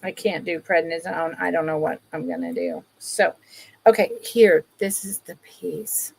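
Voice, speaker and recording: Slow-talking gravelly woman hosting a live sale. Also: lowish voice, steady tone, a little mellow. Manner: chatty, greets viewers by name, talks while handling items. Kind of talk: casual live-stream sales chat.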